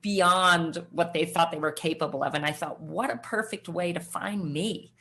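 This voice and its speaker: Middle-aged woman guest, lower voice, lively storyteller, plays the other voices in her story. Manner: animated storyteller acting out quoted voices. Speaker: guest, former triathlete. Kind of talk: storytelling interview answer.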